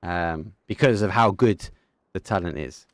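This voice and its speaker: A young man with an Essex accent giving live esports game commentary, excitable, with quick bursts and casual slang. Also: low voice, noisy background. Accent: Essex English. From England, Essex. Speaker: esports caster.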